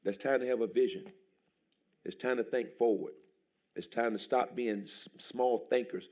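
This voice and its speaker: In a church sanctuary, a male pastor preaches a sermon at a moderate pace, leaping into a high, excited voice and shouting as he tells stories.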